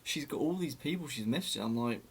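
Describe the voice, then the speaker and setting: A man's voice: mid-range voice, lively intonation, quick pace, slightly rough. A young man telling a story in a casual, sarcastic way, often laughing at it.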